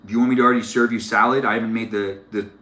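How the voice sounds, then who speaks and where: Bright-voiced chatty man streaming live. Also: lowish voice, fairly even intonation, rapid-fire, reverberant. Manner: rambling, chatty, reads viewer comments aloud. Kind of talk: casual live-stream chat while cooking. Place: home kitchen.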